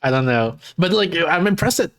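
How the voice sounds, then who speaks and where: A man's voice: fairly high pitch, lively intonation, normal speed, a bit bright. Man thinking aloud on a live stream. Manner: thinking aloud with many false starts. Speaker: streamer host. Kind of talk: casual chat.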